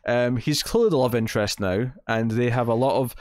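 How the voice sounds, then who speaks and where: A Scottish man co-hosts a casual TV review podcast, speaking bluntly with a sarcastic edge and lots of quick restarts. His voice sits at an ordinary middle pitch. The sound is dry and close, with no room around it. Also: no room sound. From Scotland. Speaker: podcast co-host. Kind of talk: casual chat reviewing TV episodes.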